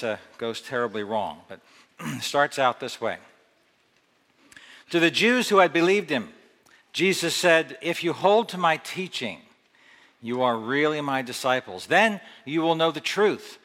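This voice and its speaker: A man giving a sermon who reads scripture aloud with rising emphasis, then explains it in a relaxed, conversational way. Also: mid-range voice, long reverb tail. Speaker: Bible teacher.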